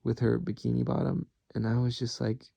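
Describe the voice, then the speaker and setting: A man's voice: medium pitch, little pitch movement, a little fast, gravelly, warm tone, slightly rough, dry recording, highs cut off. A man talking alone to the camera in a rambling, candid monologue, swearing freely as he goes. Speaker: vlogger.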